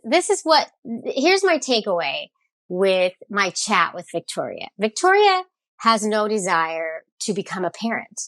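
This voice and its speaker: A middle-aged woman hosting a podcast in a casual, chatty way, animated and joking with her listeners. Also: mid-range voice, unhurried. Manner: animated, jokey, says "y'all". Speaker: podcast host.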